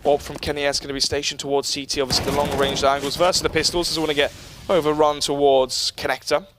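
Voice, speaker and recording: A man casting an esports match as play-by-play commentator, quick and joking. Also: a little high, level tone, background noise. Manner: quick, joking, laughs often. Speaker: esports caster.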